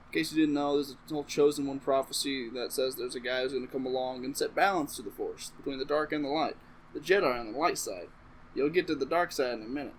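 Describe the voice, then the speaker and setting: A man with a medium-pitched voice talks at a quick pace in a low-quality recording with slight hiss or hum. A comedic vlogger, he offers a loose, profane movie recap to camera, full of self-interrupting asides.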